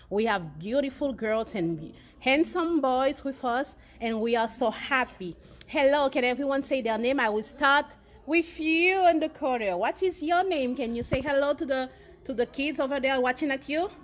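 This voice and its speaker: A woman's voice: high-pitched, fairly bright tone. A woman with a French accent hosting a church children's program, greeting the kids and leading them in song. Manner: cheerful, addresses children directly.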